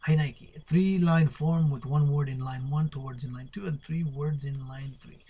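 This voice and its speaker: Husky man murmuring a poetry glossary. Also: a little high, fairly even intonation, normal speed, warm tone. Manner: playful, spells words letter by letter, drifts to murmurs. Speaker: poet reading a poetry glossary. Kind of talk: solo spoken-word poetry lesson.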